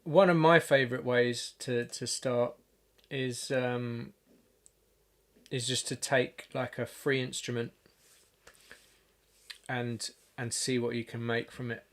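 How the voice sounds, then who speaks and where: A man producing music on a livestream, talking casually and haltingly, thinking aloud with lots of fillers and restarts. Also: medium pitch, steady tone, a bit bright. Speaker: music producer streaming a session.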